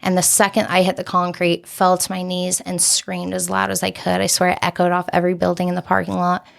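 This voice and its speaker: A woman's voice: lowish voice, completely flat delivery, brisk, creaky. A young adult woman, a podcast guest, telling a personal story in an earnest, candid way with many casual fillers.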